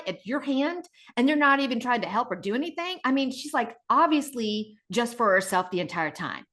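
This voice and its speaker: A middle-aged woman co-hosts a relaxed podcast in a fairly high voice. Her pitch swings widely as she retells scenes with lively energy. She breaks into acted-out voices for the people in the story. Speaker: podcast co-host. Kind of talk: casual podcast chat.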